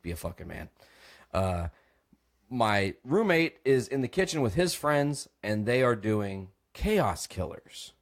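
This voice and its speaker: A young man on a podcast telling a rowdy story, swearing and acting out voices as he goes. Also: fairly low pitch. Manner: acts out voices, swears freely, laughs often. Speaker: podcast host. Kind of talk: animated storytelling on a comedy podcast.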